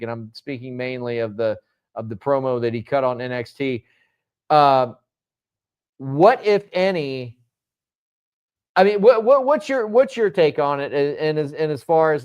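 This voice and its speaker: A man's voice: a little high, a little mellow, smooth, muffled recording. A man co-hosting a casual wrestling chat show, rambling and restarting his phrases, swearing now and then. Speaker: podcast co-host.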